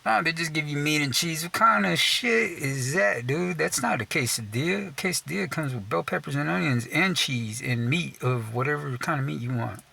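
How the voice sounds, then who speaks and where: A man's voice: on the high side, brisk, vocal fry, few pauses, pushed and bright, slightly rough. A young man from Texas telling a casual, profane rant, swearing constantly, saying "dude" a lot and laughing at himself mid-sentence. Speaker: storyteller.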